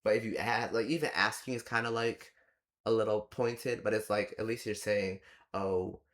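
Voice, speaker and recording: Young guy ranting about a movie, kinda low voice, rambling and exasperated. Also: fairly even intonation, moderate pace, a bit bright. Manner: exasperated, rambling, mimics characters in quotes. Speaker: movie reaction host. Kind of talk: casual spoken movie review.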